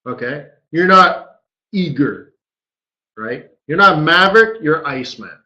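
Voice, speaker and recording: A man's voice: fairly high pitch, expressive, unhurried, sharp tone. A man, a forex market strategist, talking casually through a live trading webinar and tossing in rhetorical "right?" questions. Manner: chatty, keeps asking rhetorical "right?". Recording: dull lo-fi webinar audio.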